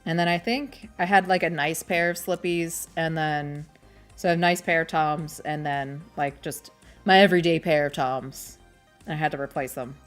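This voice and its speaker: Chatty, rambling woman streamer with a low voice. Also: normal speed, soft background music. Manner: rambling, chatty, self-deprecating. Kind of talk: casual chat while crocheting.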